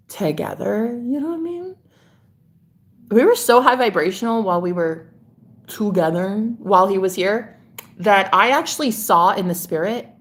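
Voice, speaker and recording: Woman tarot reader, live-stream host; effusive, chatty, profane, pitch swinging all over. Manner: gushing, chatty, swears freely.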